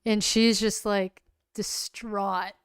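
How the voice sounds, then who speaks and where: A woman's voice: medium pitch, flat delivery, takes it slowly, clear, resonant tone, no room sound, studio quality. A woman casually recapping her solo tabletop game on a livestream, rambling with lots of "like" fillers and gushing openly. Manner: rambling, heavy use of "like" fillers.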